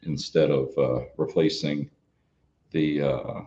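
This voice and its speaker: A man hosting a casual live Q&A from a small studio, talking in a relaxed, folksy way with plenty of fillers and restarts. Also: rumbling low, slow, highs cut off. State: out of breath. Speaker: parts company host answering viewer questions.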